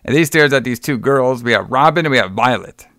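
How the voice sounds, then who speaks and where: A man's voice: mid-range voice, animated, brisk, a bit bright, no echo, studio quality. A man co-hosting a podcast, retelling a movie in a rambling, casual way with plenty of swearing. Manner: rambling, swearing, acts out quotes with laughs. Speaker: podcast co-host. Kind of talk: casual movie review chat.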